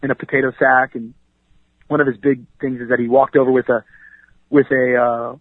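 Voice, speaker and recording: Fast-talking preacher man on a phone line. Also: mid-range voice, no room sound. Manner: energetic, preachy, says 'you know what I mean' often. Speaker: pastor and author, interview guest. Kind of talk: conversational radio interview. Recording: dry, tinny phone line.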